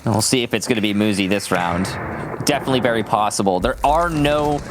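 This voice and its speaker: A man's voice: lowish voice, quick pace. A man doing live esports commentary in a casual, chatty way with plenty of fillers. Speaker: esports caster. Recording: steady background noise.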